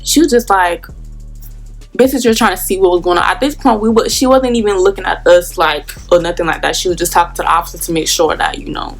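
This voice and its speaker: A woman's voice: on the low side, fast talker, soft background music. A young adult woman telling a casual story in a rambling, profane way, full of fillers. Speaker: vlogger.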